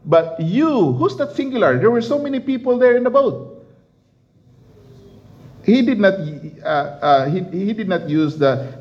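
A man's voice: high-pitched, very animated, moderate pace, a little mellow, lo-fi sound. A man preaching a sermon and reading scripture, emphatic and repetitive, often laughing.

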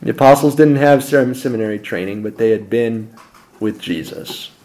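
A man preaches as a pastor in a mid-range voice and at a moderate pace. He asks rhetorical questions and alternates between loud emphasis and quiet asides.

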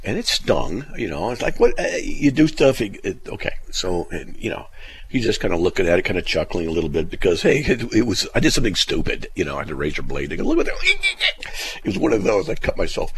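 A man's voice: sits low, sing-song, fast talker, slight background noise. A middle-aged man hosting a radio show, telling rambling stories and laughing often. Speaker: radio host. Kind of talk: casual radio talk.

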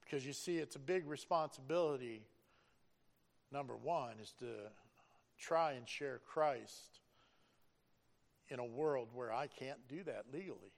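A man's voice: mid-range voice, measured pace, gravelly, pauses often. A middle-aged man giving an earnest, preacherly personal testimony about driving a school bus.

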